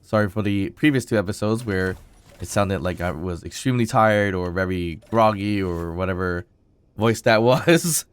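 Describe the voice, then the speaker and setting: A man hosting his gaming channel, chatting casually as he plays, thinking aloud with fillers, his voice still rough from a recent illness. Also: sits low, normal speed, no room sound. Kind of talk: casual gameplay commentary.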